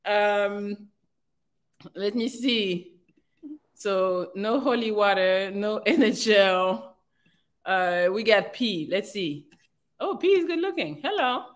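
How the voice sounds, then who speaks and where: A woman's voice: mid-range voice, expressive, takes it slowly, long pauses. A woman hosting a live dating stream, chatting casually with callers and laughing often. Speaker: host of a live dating show.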